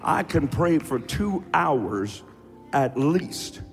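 A man preaching a sermon, fervently shouting and chanting some lines. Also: fairly high pitch, expressive, extremely slow, vocal fry. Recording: faint music behind.

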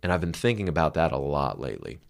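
A man with a very low, deep voice speaks in relaxed podcast conversation. He is frank and reflective about his own life and swears casually now and then, with an unguarded way of talking. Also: quick pace, vocal fry. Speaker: podcast co-host. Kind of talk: candid conversational chat.

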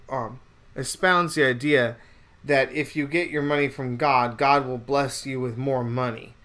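A man's voice: on the high side, fairly bright tone. A man hosting a podcast, talking about faith in a rambling, indignant way with many restarts. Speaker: podcast host.

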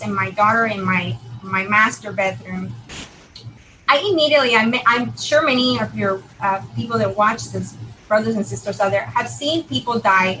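A middle-aged woman telling a personal testimony in an earnest, halting, emotional way. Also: a little high, pushed and bright, a little hiss or hum, rough recording. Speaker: guest telling her near-death story.

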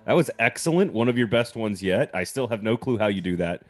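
A man in his thirties from Wisconsin co-hosts a loose podcast conversation. His voice sits a bit low. He jokes, laughs easily and slips into sponsor plugs. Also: expressive, brisk, dry recording, clean studio sound. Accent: slight Wisconsin. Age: 30s. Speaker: podcast host. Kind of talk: casual chat.

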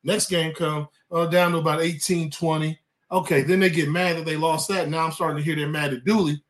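Talking sports in a relaxed guest spot, this Californian man who once played quarterback in college has a fairly high pitch. His energy is lively, and he often repeats words when launching into an idea.

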